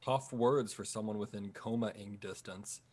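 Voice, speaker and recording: A man's voice: lowish voice, fairly even intonation, unhurried, a loud crowd. A man playing a tabletop game, making joking quips in casual chat. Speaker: player.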